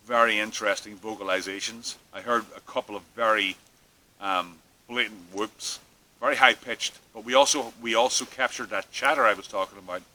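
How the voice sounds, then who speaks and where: A man's voice: lowish voice, bright, forceful tone. An Irish man hosting a podcast, chatting casually and easygoing while hiking in wooded mountains. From Ireland. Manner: easygoing, chatty, laughs often. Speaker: podcast host. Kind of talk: casual outdoor vlog chat.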